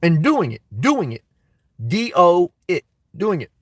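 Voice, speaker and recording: High-voiced man chatting with a live audience. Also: huge pitch swings, slow pace, no echo, distant mic. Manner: emphatic, repeats points, laughs between remarks. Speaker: YouTube host answering live chat. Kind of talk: casual live-stream chat.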